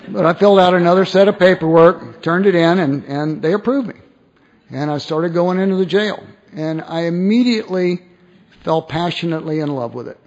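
A man tells his recovery story, acting out quoted voices, with many restarts. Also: fairly high pitch. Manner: animated, acts out quoted voices, frequent restarts. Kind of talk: personal storytelling talk. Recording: dull lo-fi recording.

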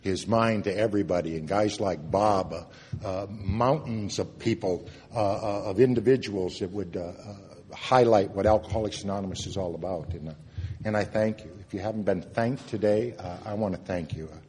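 A man sharing a personal recovery story at a meeting, earnest, moving between loud and hushed moments. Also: on the low side, moderate pace, a little hiss or hum. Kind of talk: personal testimony talk. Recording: long reverb of a hall.

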